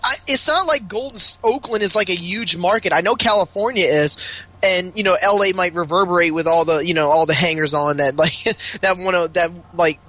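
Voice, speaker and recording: A man co-hosting a podcast, chatting casually about basketball, asking questions and throwing in quick asides. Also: sits high, sharp tone, low-quality recording. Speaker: podcast co-host. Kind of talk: casual sports chat.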